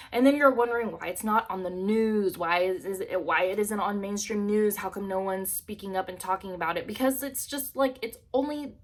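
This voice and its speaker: A woman's voice: medium pitch, moderate pace, a bit bright. Young woman talking to her camera in her bedroom, super candid, swears a lot, rambles, says like every other word. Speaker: vlogger. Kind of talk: casual chat to camera. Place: bedroom at home.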